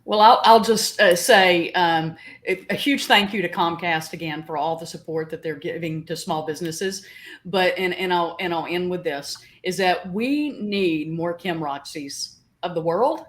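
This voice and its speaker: A woman's voice: on the low side, unhurried. A woman from a chamber of commerce giving heartfelt, emotional closing remarks at a panel over a video call.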